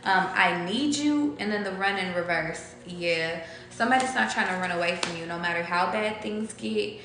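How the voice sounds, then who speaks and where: A woman's voice: fairly low pitch, moderate pace, pushed and bright. A young woman giving a casual tarot reading to her viewers, loose and chatty, swearing freely and breaking into bits of song. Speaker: tarot reader. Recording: echoey room with faint background noise.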